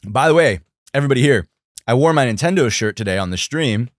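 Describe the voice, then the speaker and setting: A young man hosting a casual livestream, chatty and animated, talking to his viewers. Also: mid-range voice, fast talker, no echo, clean studio sound. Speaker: livestream host.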